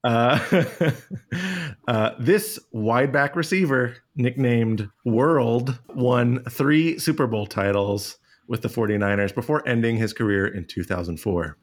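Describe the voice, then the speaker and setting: A man's voice: medium pitch, slow. A man hosting a trivia podcast, rambling and self-amused in casual banter. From Southern United States. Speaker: trivia host.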